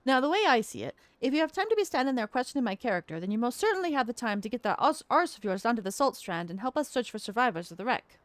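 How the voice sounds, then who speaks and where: A woman voicing a gruff, impatient male dock foreman who talks in salty, blunt sailor phrasing. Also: a little high, sing-song, fast, few pauses, no room sound, pitched above the performer's own voice. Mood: brusque.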